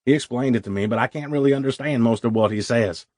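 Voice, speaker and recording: Man narrator putting on a deeper, plain-spoken older dad for an audiobook, dry close sound. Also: fast talker, a little mellow, no room sound, natural voice. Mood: matter-of-fact. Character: gruff older survivalist father, matter-of-fact.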